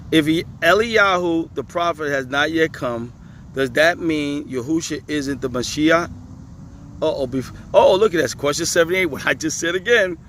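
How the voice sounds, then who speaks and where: A man's voice: on the high side, moderate pace, a bit bright, a little hiss or hum. A man teaching scripture in a casual video, repeating his points with emphasis and chuckling often. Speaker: religious teacher.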